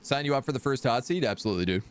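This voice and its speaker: A man with a medium-pitched voice and lively intonation gives casual commentary while streaming a strategy game from a home room by a window. He talks very fast, rambling playfully between moves, against slight background noise.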